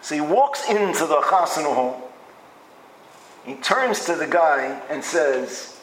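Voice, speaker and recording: High, bright-voiced man teaching Torah. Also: animated, takes it slowly, slight background noise, low-quality recording. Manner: emphatic, repeats phrases while building a point; acts out quoted speech in changed voices. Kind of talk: lecture-style Torah class.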